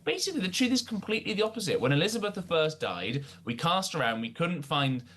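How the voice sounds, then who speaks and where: A man's voice: a little high, very animated, fast, fairly bright tone. A man giving impassioned, indignant political commentary on talk radio. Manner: impassioned, indignant, emphatic ranting.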